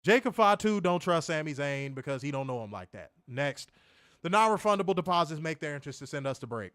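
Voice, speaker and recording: A man reviewing a wrestling show, ranting loudly with lots of swearing. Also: fairly high pitch, quick pace, clean tone, no echo, studio quality. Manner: loud profane ranting; calmer advice-giving. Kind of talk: ranting commentary.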